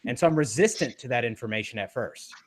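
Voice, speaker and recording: Young man, casual discussion, animated storytelling, frequent laughs, dry close sound, mid pitch. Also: fast, dry recording.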